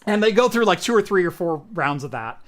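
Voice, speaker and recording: A man's voice: sits high, big pitch swings, a little fast, a bit bright. A man co-hosting a podcast in casual chat, telling a long story in a rambling way and acting out the quoted voices. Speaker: podcast co-host.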